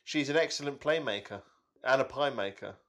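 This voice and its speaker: A man's voice: mid-range voice, a little fast, a bit bright. A man telling a rambling story in casual podcast chat, with plenty of restarts. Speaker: podcast co-host.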